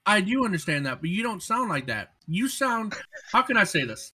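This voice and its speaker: Male podcast co-host, teasing. Husky, high, very animated voice. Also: normal speed. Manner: teasing, laughs often. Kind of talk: casual podcast chat.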